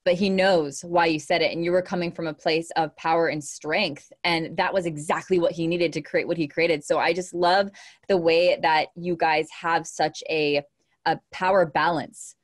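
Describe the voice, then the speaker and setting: A woman hosting a podcast interview who asks long, rambling questions and warmly affirms her guest. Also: lowish voice, fairly even intonation, moderate pace. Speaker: podcast host. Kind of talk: interview conversation.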